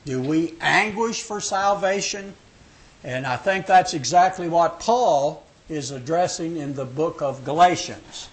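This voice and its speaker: Leading a Bible study as a Sabbath school teacher, this sixty-something man cracks jokes and presses his questions emphatically. His voice sits high and sounds a bit bright.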